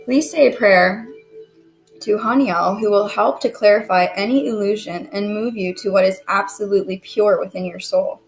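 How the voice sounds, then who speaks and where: A woman giving a casual tarot reading, chatty and self-deprecating, who keeps clearing her throat. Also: medium pitch, normal speed, faint music behind, poor audio. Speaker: tarot reader.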